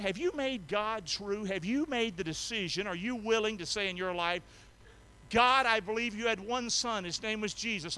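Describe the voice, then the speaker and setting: Male pastor, bright tone, high pitch, emphatic call-and-response preacher who moves between quiet asides and shouting. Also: slight background noise. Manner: call-and-response preaching, asks congregation to repeat; emphatic, swings from soft to shouting. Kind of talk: sermon. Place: church sanctuary.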